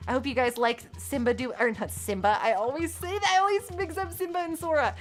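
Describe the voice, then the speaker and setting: A young woman streaming a life-sim game, chatting to her viewers and often squealing with excitement. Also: on the high side, brisk. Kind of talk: gaming livestream chat. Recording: faint background game music.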